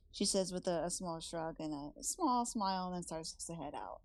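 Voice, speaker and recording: A woman with a somewhat low voice talks through her character's moves in a tabletop game. Her tone is easygoing and chatty. The recording is dry and close, with no room sound. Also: big pitch swings, normal speed, creaky, no echo. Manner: casual, narrates her character's actions. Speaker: player. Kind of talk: tabletop role-play narration.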